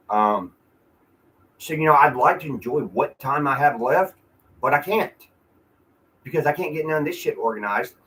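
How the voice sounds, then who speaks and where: A man's voice: medium pitch, a bit bright, slight background noise, poor audio. A man venting in a casual, profane, rambling monologue at home, often restarting his sentences. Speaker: vlogger. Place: apartment.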